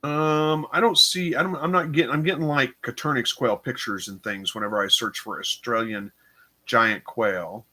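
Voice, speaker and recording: A tired, yawning man hosts a casual livestream, reading viewer comments and rambling through uncertain answers while thinking aloud with lots of fillers. His medium-pitched voice is bright and forceful, fairly even in intonation, at a moderate pace.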